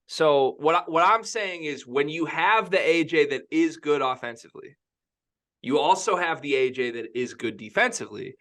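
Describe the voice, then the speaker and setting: A young man talks basketball on a podcast, pressing his opinions hard and circling back to repeat them. His voice sits fairly high and rings bright. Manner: opinionated, emphatic, repeats himself. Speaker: podcast co-host. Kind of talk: casual sports podcast chat.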